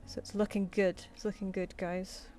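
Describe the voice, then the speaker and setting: A woman's voice: medium pitch, little pitch movement, normal speed, warm tone, a little hiss or hum. A woman chatting casually with viewers while she draws on a live stream, rambling and laughing easily. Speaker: streaming artist. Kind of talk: casual chat while drawing.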